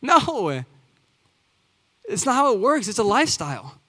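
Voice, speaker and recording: A man's voice: high-pitched, big pitch swings, a little slow, bright, forceful tone. A man in his twenties, a youth pastor preaching a sermon in earnest, building to emphatic repeated phrases. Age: 20s. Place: church sanctuary. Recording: long hall reverb.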